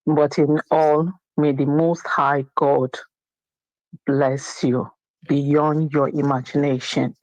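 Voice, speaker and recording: A woman's voice: low voice, little pitch movement, takes it slowly, a little mellow, no echo, highs cut off. A woman from Nigeria calling in to a show, effusive and full of praise and blessings. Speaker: caller. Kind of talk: phone call-in chat.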